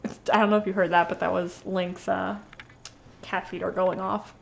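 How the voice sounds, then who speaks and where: A woman talks through her stitching finishes in a loose, rambling chat, circling back with fillers and restarts. A slight lisp softens her S sounds, and her voice sits at an ordinary middle pitch. The home recording is dull and lo-fi. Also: little pitch movement, normal speed, gravelly, slight background noise. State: sniffly after sneezing. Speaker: cross-stitch vlogger. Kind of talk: casual show-and-tell chat.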